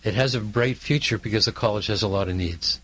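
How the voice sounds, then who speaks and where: A man from Canada with a Canadian accent, a radio guest who explains a foundation's work in a measured, informative way. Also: lowish voice, a bit bright. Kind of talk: radio interview.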